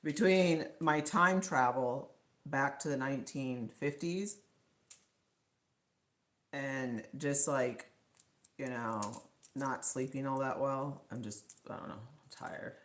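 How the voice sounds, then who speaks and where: Hosting a livestream from her home kitchen, a woman chats casually and rambles with lots of fillers. Her voice is a rumbling low, slow and often pausing.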